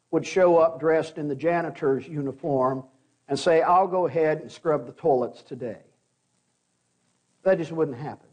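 A man, a pastor, preaching a sermon in an earnest way, often restarting words and pausing for emphasis. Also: on the high side, darkish tone.

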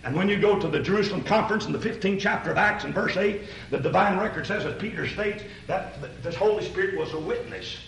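A man's voice: sits high, fast talker, hardly any pauses, a bit bright, echoey room, a little hiss or hum, poor audio. A man preaching a sermon in a folksy, conversational way, addressing listeners directly and asking rhetorical questions.

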